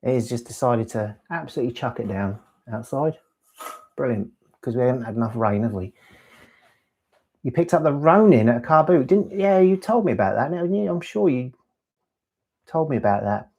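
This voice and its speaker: A chatty man rambles through a live stream, answering viewers' questions and drifting from topic to topic. His voice sits at an ordinary middle pitch and he talks in a loose, easy way. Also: animated, normal speed, long pauses, a little mellow. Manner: rambling, chatty, reads chat aloud. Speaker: LEGO channel host. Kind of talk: casual live-stream chat.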